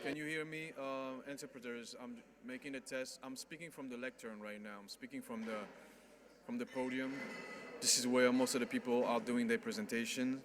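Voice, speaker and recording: A man running a casual sound check at a conference lectern, talking haltingly with restarts while testing the microphone from a short distance. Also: medium pitch, fairly even intonation, slight background noise. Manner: halting, with many restarts and fillers. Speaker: event organizer testing microphones.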